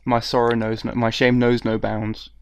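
Joking guy at the game table, gravelly, sounds close and dry. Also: mid-range voice, monotone, normal speed, no echo, dull audio. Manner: joking, teasing. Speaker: player. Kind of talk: casual tabletop role-play.

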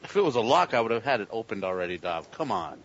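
A man's voice: fairly low pitch, very animated, fast talker. A man playing a tabletop game, with cocky, teasing talk. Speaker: player. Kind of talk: casual tabletop play. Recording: dull lo-fi recording with faint hiss.

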